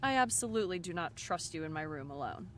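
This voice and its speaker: A woman's voice: lowish voice, animated, quick pace, fairly bright tone, slight background noise. An actress voicing a sarcastic, teasing young woman in a video game. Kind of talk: game voice acting.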